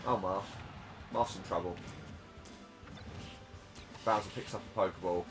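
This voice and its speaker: A man giving casual, chatty commentary on a computer-run fighting game tournament, excitable with joking self-mocking asides. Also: deep voice, a little slow, over music.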